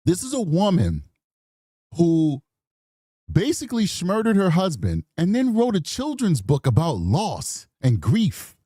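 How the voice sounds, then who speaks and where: Animated chatty man hosting. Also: high-pitched, unhurried, husky, no echo, studio quality. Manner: animated, chatty, apologetic asides. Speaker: true crime podcast host. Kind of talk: casual rambling commentary.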